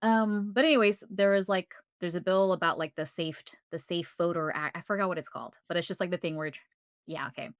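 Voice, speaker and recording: A woman's voice: lowish voice, a little fast, dry recording, studio quality. A woman co-hosting a podcast in casual chat, rambling with lots of fillers and frequent laughter. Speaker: podcast co-host.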